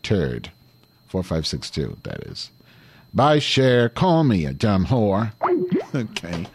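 Vulgar irritable diva host, a man playing her, deep husky voice, dry close sound, swears and rambles. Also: wildly swooping pitch, slow pace, a little mellow, no room sound, exaggerated voice. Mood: irritated. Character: vulgar irritable talk-show diva Madge Weinstein. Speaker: comedy show host. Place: home, calling through Skype.

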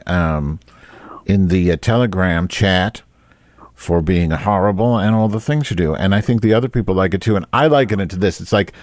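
A very deep-voiced man hosts a live online talk show from his desk mic. He rambles, fiddles with his settings and teases his guest crudely. The sound is dry and close, with no room around it. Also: a little mellow, no room sound. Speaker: host. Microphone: desk microphone.

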